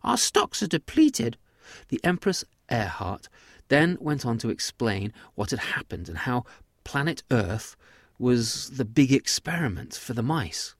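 A man telling his own children's sci-fi story in a lively, gentle way. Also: medium pitch, unhurried, no room sound, studio quality.

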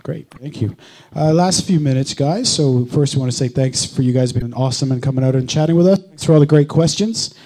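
A man's voice: mid-range voice, brisk, few pauses, mellow. A man moderating a live panel, upbeat and joking as he hands the mic around the audience. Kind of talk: live event hosting.

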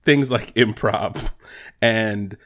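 A man's voice: lowish voice, extremely slow, fairly bright tone. A man from New Jersey co-hosting a comedy podcast, talking in a wry, rambling, self-deprecating way. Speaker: podcast co-host. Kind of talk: casual comedic chat.

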